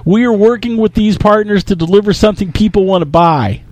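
A man doing an impression of a loud, excitable middle-aged male tech executive, shouting emphatically in a high voice. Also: a little fast, no echo, close to an everyday voice. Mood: fired-up.

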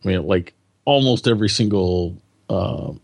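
A man with a low, gravelly and husky voice argues his point on a podcast. He speaks emphatically and sounds close and dry. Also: moderate pace, darkish tone, no echo. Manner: opinionated, emphatic. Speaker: podcast co-host. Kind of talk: casual tech podcast talk.

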